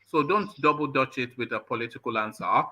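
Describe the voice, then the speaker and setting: A host with a very bright, sharp voice grills his caller, pressing the same question again and again. His pitch sits at an ordinary male middle. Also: brisk, highs cut off. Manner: probing, presses with pointed questions. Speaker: talk show host. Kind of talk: live call-in talk show.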